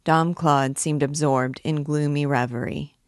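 A woman reading a classic novel aloud in a steady, measured narration. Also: sits low, no room sound, clean studio sound. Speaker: audiobook reader.

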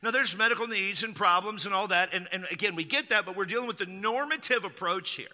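Bright, ringing preacher from Texas. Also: male voice, high-pitched, quick pace, big-room sound. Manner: emphatic, repeats key lines, mocking asides. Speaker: pastor. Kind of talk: sermon.

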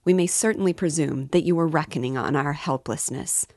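A woman's voice: low voice, fairly quick, darkish tone, dry recording, studio quality. A woman reading the part of a proud young woman who speaks irritably and coldly. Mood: angry. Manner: irritable, cold.

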